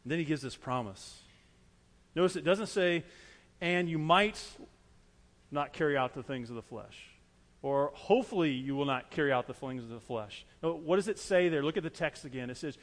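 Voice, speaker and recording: A man's voice: on the high side, fairly quick, fairly bright tone, long reverb tail. A man preaching a sermon as pastor, earnest and repetitive, driving his points home with everyday illustrations.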